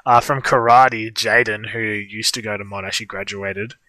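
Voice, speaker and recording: A young man co-hosts a livestream, telling a long, meandering story in casual chat with plenty of fillers. His voice has a bright edge, and the recording is dry and close. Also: fairly low pitch, steady tone, moderate pace, no room sound. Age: young adult. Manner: rambling storytelling with frequent fillers. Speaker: livestream co-host.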